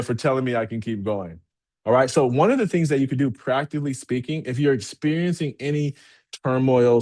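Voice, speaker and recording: A man giving a motivational talk as keynote speaker to a live audience, candid and energetic, often checking in with "okay?". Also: mid-range voice. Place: event room with a live audience.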